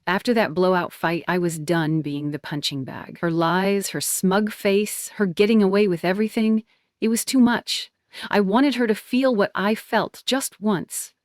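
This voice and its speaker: A woman's voice: mid-range voice, steady tone, measured pace, no room sound, studio quality. A woman in her twenties narrating an emotional first-person family story. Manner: emotional, intense.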